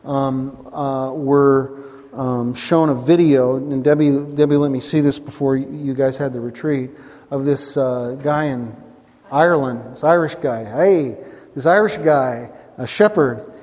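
A man's voice: mid-range voice, measured pace, a little mellow, long reverb tail. A man preaching a sermon as pastor, emphatic, repeating his lines and asking the congregation questions.

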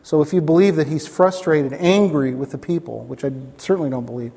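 A man preaching a sermon as a pastor, telling stories animatedly and acting out the voices in them, jumping up to excited highs. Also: brisk, gravelly, husky. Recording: long hall reverb.

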